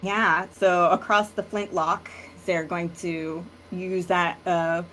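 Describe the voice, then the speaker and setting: Low-voiced, slow, hesitant woman, tabletop game player. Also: level tone, a bit bright, a little hiss or hum. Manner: hesitant, many fillers. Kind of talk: tabletop role-play, casual.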